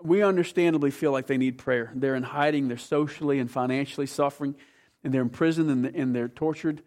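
A man's voice: medium pitch, a little fast, darkish tone. A man from the United States preaching a sermon as pastor, telling stories and urging his congregation to listen closely.

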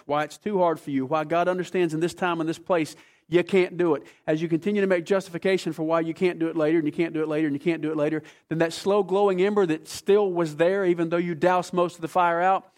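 A man preaching a sermon as pastor, emphatic, swinging between hushed, slow passages and forceful ones. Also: on the high side.

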